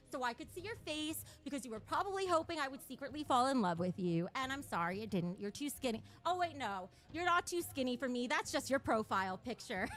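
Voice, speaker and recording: A woman's voice: high voice, fairly bright tone. A woman streamer ranting casually on a livestream, profane and taunting, a little out of breath.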